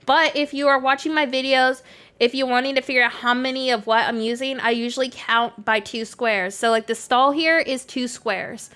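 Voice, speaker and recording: A woman from Canada talks casually on a live stream with a slightly high voice, her Canadian accent blending with a Southern American twang. She answers her chat in a chatty, easygoing flow, full of "like" fillers. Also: steady tone, normal speed, bright, forceful tone, clean tone. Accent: Canadian mixed with American Southern. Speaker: game streamer.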